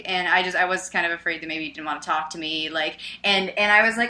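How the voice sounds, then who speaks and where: A woman co-hosting a podcast, telling a casual story in an animated, loud way with many "like"s and "um"s. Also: on the low side, brisk. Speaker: podcast co-host.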